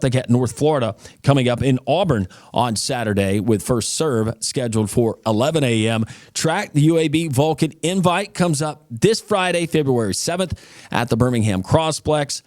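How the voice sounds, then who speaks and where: A man's voice: on the high side, a little mellow, no room sound, studio quality. A man hosting a sports podcast, reading a punchy news roundup and then interviewing a coach in an upbeat announcer style.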